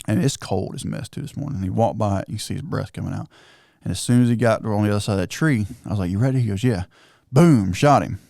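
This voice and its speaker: Guy telling a hunting story all excited, gravelly and low, dry close sound. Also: fast, hardly any pauses, dry recording. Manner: excited, animated storyteller, acts out quotes. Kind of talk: casual storytelling chat.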